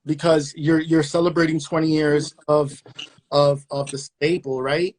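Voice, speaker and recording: A man hosting a podcast, asking rambling questions in a playful, excitable way. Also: on the high side, unhurried. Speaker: podcast host. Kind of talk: casual interview chat.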